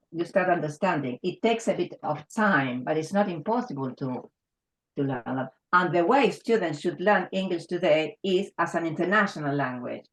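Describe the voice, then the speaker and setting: Low-voiced woman with an Argentinian accent. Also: poor audio. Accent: Argentinian Spanish. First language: Spanish. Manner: earnest, emphatic, with frequent restarts. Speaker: English teacher. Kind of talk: round table discussion.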